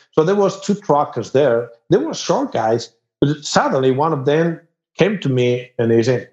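A man's voice: mid-range voice, sing-song, darkish tone. Spanish-accented man in a roomy, dull room. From Spain. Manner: halting, repeats words, laughs often. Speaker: musician guest. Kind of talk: casual podcast chat.

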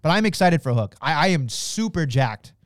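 Excitable man with a crisp, dry voice. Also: on the high side, moderate pace, no echo. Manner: excitable, swears freely, trails off and restarts. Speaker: podcast co-host. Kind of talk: casual wrestling chat.

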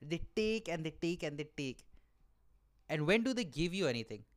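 A man with a fairly high, very animated voice at a moderate pace hosts his own podcast and wants to be a stand-up comedian. He delivers a comic, profanity-filled rant full of exaggeration, checking in with the listener through repeated "all right?" asides.

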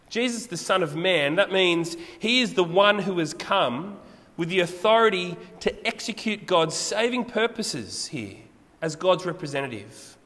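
A man preaching a sermon, explaining scripture in an animated way and putting rhetorical questions to his listeners. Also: sits high. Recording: long reverb of a hall.

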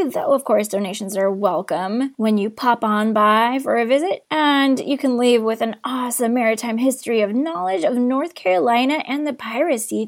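A young woman hosting a travel podcast, talking in a bubbly, enthusiastic way. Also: on the high side. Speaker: podcast host. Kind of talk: casual travel podcast narration.

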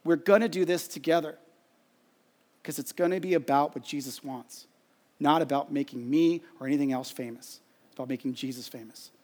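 A man's voice: a little high, fairly quick, a little mellow. A man, a pastor, giving an earnest sermon and telling a family story with quoted dialogue.

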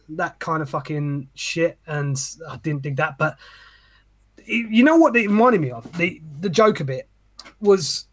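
A man ranting on a podcast with an animated, sweary delivery. His voice sits a little high and has a husky edge. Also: unhurried. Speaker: podcast co-host. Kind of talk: casual chat.

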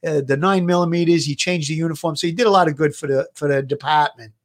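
A man with a fairly high voice co-hosting a casual livestream as a retired cop. He gives his views earnestly, leaning on his points with emphasis. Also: fast. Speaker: retired police officer co-hosting a live show.

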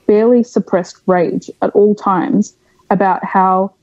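A woman's voice: mid-range voice, fairly even intonation, a little slow, a little mellow, no room sound, lo-fi sound. A young woman from Australia, a podcast guest, speaking frankly and at length in a candid interview, with many fillers.

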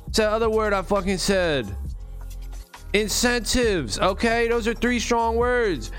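A man's voice: high-pitched, a bit bright. A man delivering an unscripted, rambling monologue rant, full of slang and profanity. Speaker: vlogger on money and bitcoin.

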